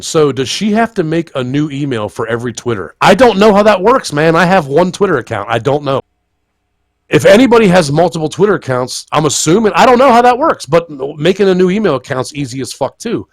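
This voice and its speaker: A man hosting a live podcast, ranting in a profane, heated way. His pitch swings widely and sits a bit high for a man. The sound is dry and close, with little room echo. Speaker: podcast host. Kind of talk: casual live podcast chat.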